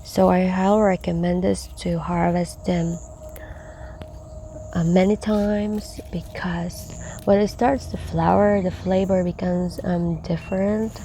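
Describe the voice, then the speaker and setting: A woman hosting a gardening vlog outdoors in her backyard garden, talking softly with many fillers and often dropping to a whisper. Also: on the low side, level tone, takes it slowly, slight background noise. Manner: soft-spoken, slips into whispers, many fillers. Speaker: gardening vlogger. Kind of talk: casual harvest walkthrough. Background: crickets and insects.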